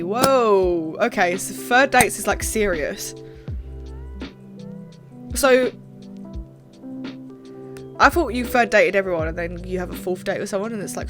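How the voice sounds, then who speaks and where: Excitable woman gamer with game music. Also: medium pitch. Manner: excitable, swears freely, reads game dialogue aloud. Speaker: game streamer. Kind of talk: casual let's-play commentary.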